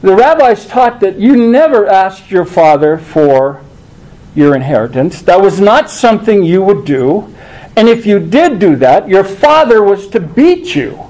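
A man's voice: high-pitched, sing-song, a little slow, a little mellow, poor audio. A man preaching a sermon, conversational and emphatic, asking rhetorical questions.

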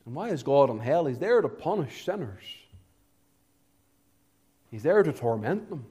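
A man preaching an evangelistic sermon, swinging between hushed, low passages and loud, emphatic climaxes, drawing out key words. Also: sing-song, unhurried, breathy edge.

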